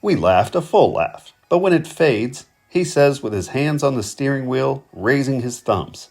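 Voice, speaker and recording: A man narrating a first-person novel in a vivid, expressive storytelling manner. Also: medium pitch, normal speed, soft background music. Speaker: audiobook narrator.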